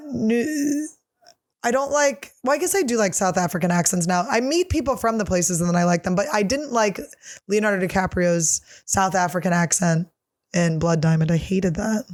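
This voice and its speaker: A woman's voice: mid-range voice, darkish tone, no room sound, clean studio sound. A woman comedian in her thirties, answering listener questions in a casual solo chat, blunt, crude and self-mocking.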